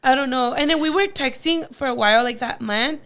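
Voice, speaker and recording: A woman's voice: high-pitched, a little fast, a bit bright. A young woman in her twenties, a podcast guest telling a personal story in a chatty way, full of "like" and acted-out quotes. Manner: chatty, many likes, acts out quotes. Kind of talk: casual storytelling.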